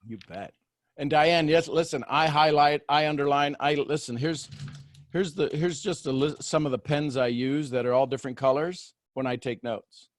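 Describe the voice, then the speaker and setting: Male coaching host, higher-pitched, animated, acts out voices, dry close recording. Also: moderate pace, no echo. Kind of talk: coaching call with participants.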